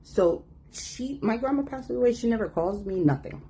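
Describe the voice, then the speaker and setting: A woman telling a personal story in a casual, animated way, acting out the voices of the people in it. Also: fairly high pitch, normal speed, a little hiss or hum. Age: adult. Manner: animated, acts out quoted voices.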